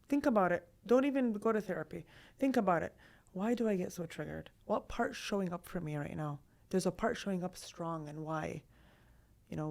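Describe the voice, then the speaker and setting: A woman therapist in her thirties talks on a podcast with a middle-pitched voice. She is animated and piles up rhetorical questions. Her delivery stays conversational and engaged. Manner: animated, acts out quoted voices, asks many rhetorical questions. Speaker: trauma therapist, guest.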